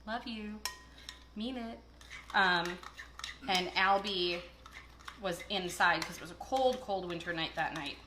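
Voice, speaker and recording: Speaking slowly with long pauses, a woman with a lowish, sharp-toned voice hosts a relaxed cooking video, telling stories and joking as she works. There's slight background noise. Her camera sits across the kitchen, which echoes with the clatter of dishes and cutlery.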